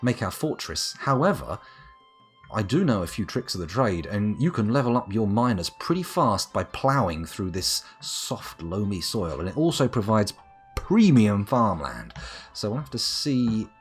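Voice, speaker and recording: A man's voice: on the low side, sing-song, a little slow, soft background music. A man streaming a game live, rambling and joking at his own expense. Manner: rambling, self-mocking, jokey. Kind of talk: live gameplay commentary.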